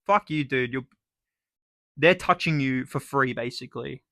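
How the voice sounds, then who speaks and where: A man's voice: mid-range voice, a little slow, pauses often, dry recording, studio quality. Sarcastic, swearing Australian man ranting. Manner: profane, sarcastic, animated ranting. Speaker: YouTuber. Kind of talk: casual ranting vlog.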